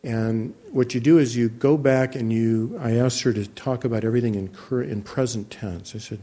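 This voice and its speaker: A man who works as a physician, telling a patient's story in a calm, measured lecture and often restarting his phrases. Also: medium pitch. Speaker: physician teaching guided imagery.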